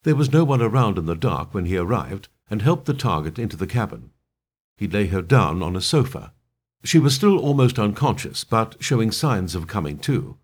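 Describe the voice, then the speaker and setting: A man reads thriller narration aloud in a low, somewhat husky voice. His delivery is steady, yet the pitch rises and falls expressively. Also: moderate pace.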